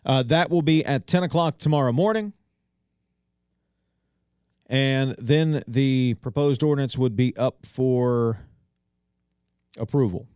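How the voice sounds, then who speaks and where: A man's voice: mid-range voice, takes it slowly, long pauses, darkish tone, clean tone, no echo. A man hosting a local talk radio show, reading headlines and commenting in a conversational way with wry asides. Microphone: studio microphone. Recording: dry studio sound.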